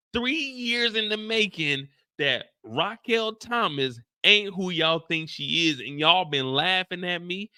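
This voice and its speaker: A man hosting a casual recap of a TV episode, ranting in an animated, profane, slang-heavy way. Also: a little high, no echo. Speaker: TV show recap host.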